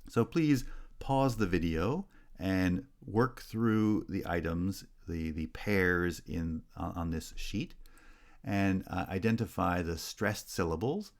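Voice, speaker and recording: A man teaching a linguistics lesson, explaining clearly and checking in with "right?". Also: deep voice, lively intonation, slow pace. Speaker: linguistics instructor. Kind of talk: recorded lecture.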